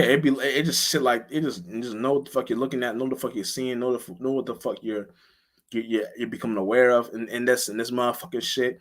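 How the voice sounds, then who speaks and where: A man, hosting a livestream and talking in a rambling, profane way, full of restarts and fillers. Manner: jumps to a much higher, louder voice when acting out what he or others would say. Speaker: livestream host. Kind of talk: casual livestream monologue.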